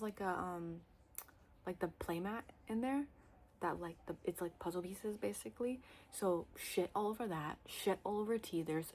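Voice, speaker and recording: Chatty young woman vlogging about books. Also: on the low side. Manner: chatty, rambling, full of "like" and "um"; expressive, swings into loud excited bursts. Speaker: book vlogger. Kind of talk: casual chat to camera.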